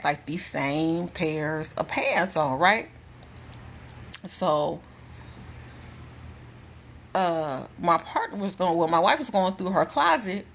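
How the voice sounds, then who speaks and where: Deep and creaky, this woman's voice carries over slight background noise as she tells casual stories on a live stream from her phone at home. A spiritual content creator, she's blunt and foul-mouthed and repeats points for emphasis.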